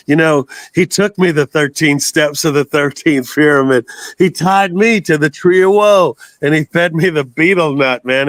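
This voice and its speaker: An American man in his sixties, a metal singer, appears as a guest in a casual interview, spinning long rambling stories and swearing freely. His voice is on the high side and a bit bright, recorded dry.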